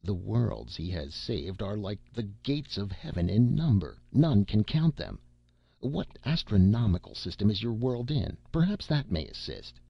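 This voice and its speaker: A man voicing a stern, deliberate male head clerk at the gates of heaven, speaking briskly and with questions. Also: low-pitched, big pitch swings, vocal fry, husky, no room sound, dull audio, exaggerated voice.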